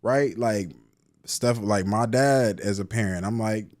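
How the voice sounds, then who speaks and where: A man's voice: on the low side, unhurried, darkish tone. A man in his thirties from Cleveland, a therapist telling stories in a casual interview, slangy, with many restarts and filler words. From Cleveland, Ohio. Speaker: guest, therapist and poet.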